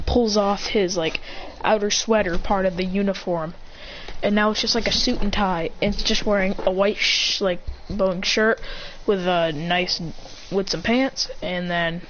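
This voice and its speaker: A woman's voice: medium pitch, slight background noise. Woman making up a fight story, rambly, keeps fixing her words, dull lo-fi mic. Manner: rambling, self-correcting. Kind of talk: improvised fan-fiction narration. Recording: dull lo-fi recording.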